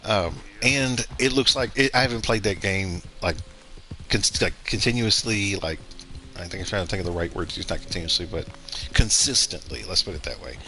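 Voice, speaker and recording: Male streamer, lowish pitch with a bright, forceful edge; casual rambling play-along commentary. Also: moderate pace. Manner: rambling, thinks aloud with fillers and restarts. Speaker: gaming streamer.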